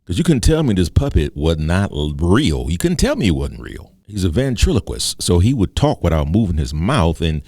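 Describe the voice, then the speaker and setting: Animated, gravelly low-voiced podcast host. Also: male voice, normal speed, few pauses, dry recording, studio quality. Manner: animated storyteller who swings into high comic voices. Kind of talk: casual comedic monologue.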